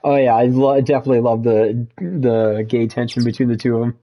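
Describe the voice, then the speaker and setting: A woman's voice: extremely low pitch, fairly even intonation, normal speed, dull audio, a little hiss or hum. A woman streaming a game from home, making joking, irreverent asides with giggly commentary. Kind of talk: casual let's-play commentary. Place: home room with roommates nearby.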